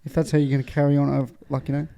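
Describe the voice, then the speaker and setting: A man co-hosting a relaxed podcast, his voice a little higher than most men's and soft, warm in tone. He laughs a lot and tells his stories as banter, swearing freely and acting out what people said. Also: very fast, creaky. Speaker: podcast co-host. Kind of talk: casual chat.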